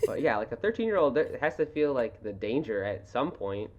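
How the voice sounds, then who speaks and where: A woman's voice: very deep voice, sing-song, a little fast, darkish tone. Rambling young woman on a dull recording. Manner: rambling, restarts, sarcastic asides. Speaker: podcast co-host. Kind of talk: casual book discussion. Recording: rough, dull amateur audio.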